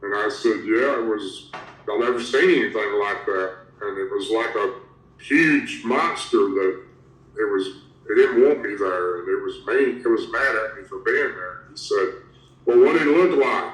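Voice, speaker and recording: Low-voiced man telling a story. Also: unhurried, fairly bright tone. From Tennessee, USA. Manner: rambling, strings events together with "and". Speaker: guest recounting a creature encounter. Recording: roomy, distant from the mic.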